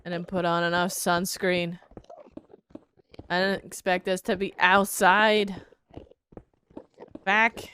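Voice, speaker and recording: Slow, laid-back woman streamer with a stuffy nose. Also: on the low side, flat delivery, pushed and bright, a little hiss or hum. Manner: laid-back, drawling, frequently says "bruh". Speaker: live streamer. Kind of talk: casual chat while gaming.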